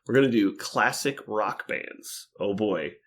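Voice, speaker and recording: A man's voice: on the low side, unhurried, fairly bright tone, breathy edge. A young man co-hosting a casual podcast, swearing freely, laughing often and acting out quotes in a raised voice. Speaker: podcast co-host.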